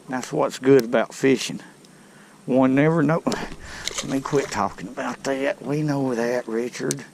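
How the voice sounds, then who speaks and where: Slow, gravelly fishing guy. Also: medium pitch, slight background noise. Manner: excitable, talks straight to viewers. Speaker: fishing vlogger. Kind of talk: casual narration while fishing. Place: outdoors on a boat on a river.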